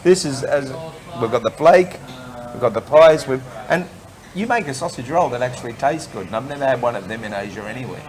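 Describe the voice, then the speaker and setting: A man's voice: mid-range voice, a little fast, faint music behind. Jokey man chatting over a meal. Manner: jokey, chatty, talks while eating. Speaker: travel show host. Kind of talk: casual chat over a meal. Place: restaurant.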